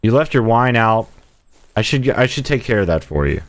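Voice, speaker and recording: A man's voice: fairly low pitch, big pitch swings, moderate pace, no echo. A man streaming a video game live, rambling and joking as he talks to himself and his viewers. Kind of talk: casual live gameplay commentary.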